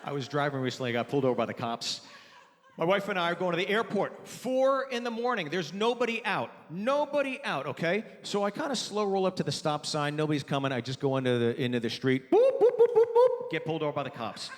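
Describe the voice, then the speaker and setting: A male stand-up comic tells stories on stage in a somewhat high voice, acting out both sides of each exchange. His voice carries a long reverb from the live venue, with audience laughter behind him. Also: lively intonation, quick pace. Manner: conversational storytelling, acting out both sides of dialogue. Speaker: stand-up comedian. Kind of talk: stand-up comedy set.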